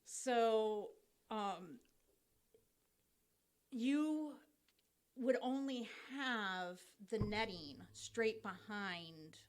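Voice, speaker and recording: A young woman talking through baseball rules in an easygoing podcast chat. Her voice sits at an ordinary pitch, and she explains things step by step with plenty of ums and restarts. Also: very slow, long pauses.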